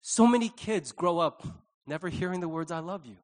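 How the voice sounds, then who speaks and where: A man's voice: high-pitched, lively intonation, normal speed. A middle-aged man preaching a conversational sermon, telling stories with animation and acting out the dialogue. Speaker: pastor.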